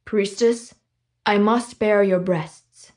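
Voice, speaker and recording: A woman reading the part of a stern but gentle male warrior, speaking slowly and formally. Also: mid-range voice, fairly even intonation, dry recording, studio quality. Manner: slow, formal and measured.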